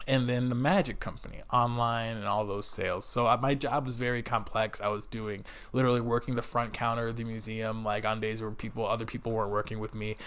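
Guy venting about his old boss, swears a lot, animated, casual vlog. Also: mid-range voice. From United States. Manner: profane, animated, exasperated. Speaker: vlogger. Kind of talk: casual storytelling.

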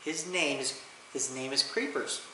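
A man's voice: mid-range voice, unhurried, bright, forceful tone. A man co-hosting a casual chat, laid-back and slangy, often laughing. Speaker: podcast co-host. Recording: very echoey room with faint noise.

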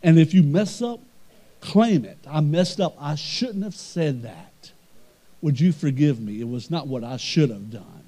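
A male pastor preaching a sermon, swinging between emphatic swells and quiet storytelling. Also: on the high side, expressive, unhurried.

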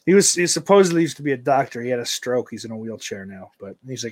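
A man's voice: medium pitch, expressive, quick pace, few pauses, a little mellow. Profane rambling man streaming. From United States. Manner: profane, rambling, trails off into mumbles. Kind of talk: casual rambling stream chat.

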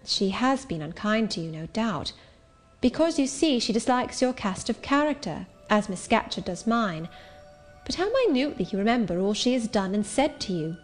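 A woman voicing a gentle, pious schoolgirl who speaks in a measured, earnest and serene way, read as an audiobook. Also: fairly high pitch, big pitch swings, soft background music. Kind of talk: audiobook reading.

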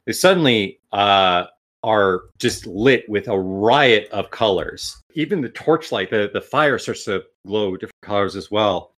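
A man runs a tabletop game, describing scenes slowly with lots of "uh" and "um". His voice is bright and forward, and his pitch jumps around a lot as he narrates. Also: animated. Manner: halting with many fillers, playful. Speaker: game master.

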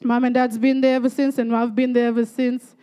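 Giving a church testimony, this high-voiced Torres Strait woman talks a little fast, her tone clear and resonant. She tells her story with liveliness, often breaking in with words of praise.

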